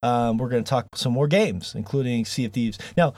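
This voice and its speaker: A man's voice: medium pitch, moderate pace, darkish tone, no room sound. A man hosting a podcast, rambling through jokes and laughing often. His voice sits mid-range and sounds close and dry. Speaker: podcast host. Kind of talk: casual chat.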